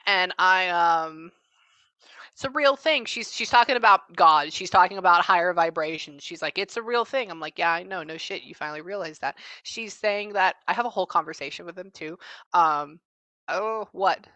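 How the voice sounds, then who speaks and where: A woman giving a casual psychic reading, chatting as she relays what she senses with frequent pauses and fillers. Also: fairly low pitch, sharp tone, no room sound. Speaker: psychic medium.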